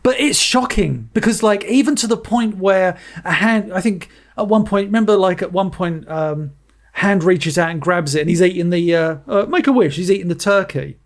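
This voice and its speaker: High-voiced man telling a story. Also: moderate pace. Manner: animated anecdote telling. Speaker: movie podcast co-host. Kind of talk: casual chat.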